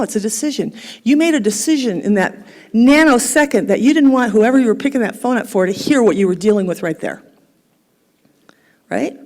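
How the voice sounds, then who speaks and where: A middle-aged woman preaching a conversational sermon at a spiritual center, animated and laughing at herself. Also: medium pitch. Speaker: guest speaker at a spiritual center.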